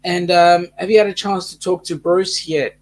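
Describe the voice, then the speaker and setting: A man with an Australian accent co-hosting a casual live stream, reading out viewer comments with many pauses and fillers. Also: sits high, steady tone, a little hiss or hum. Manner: halting, many fillers, reads out the chat. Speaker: co-host of weekly live stream.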